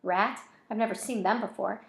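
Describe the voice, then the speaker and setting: A woman's voice: medium pitch, fairly even intonation, normal speed, vocal fry, echoey room. A woman reading a novel aloud in an informal way, with casual self-correcting asides between chapters. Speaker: reader of a novel.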